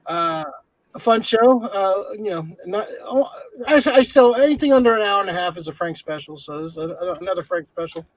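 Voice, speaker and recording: A man's voice: high-pitched, a little fast, poor audio. A man co-hosting a casual podcast, talking loosely with lots of swearing and fillers. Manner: loose and profane, many fillers. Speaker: podcast co-host. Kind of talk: casual chat.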